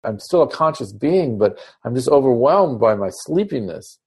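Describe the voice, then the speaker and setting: A man's voice: medium pitch, expressive, normal speed, husky. A man doing a drowsy, sluggish water pot. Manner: weary, fading and quiet.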